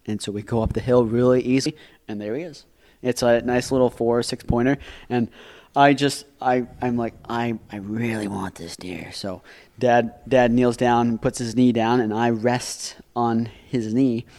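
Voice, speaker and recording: A man's voice: medium pitch, flat delivery, normal speed, darkish tone. Easygoing man telling a hunting story. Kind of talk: casual chat.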